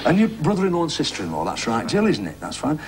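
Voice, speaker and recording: A man's voice: a little high, huge pitch swings, fast talker. A man hosting a TV game show from a studio, chatting and joking with contestants. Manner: jokey, chatty banter with contestants. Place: TV studio with live audience. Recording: 1980s TV broadcast, loud crowd and noise.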